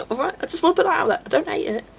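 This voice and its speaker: A woman with a very high, creaky voice and huge pitch swings hosts a colouring livestream, talking a little fast. Reading live comments, she chats casually and laughs often, with faint background noise present.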